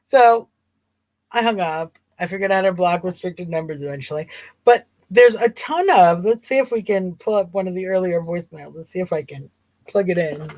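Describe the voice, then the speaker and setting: A woman's voice: lowish voice, brisk, darkish tone, no echo. A woman hosting a casual livestream talk show, chatty and amused, rambling and repeating herself. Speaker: host.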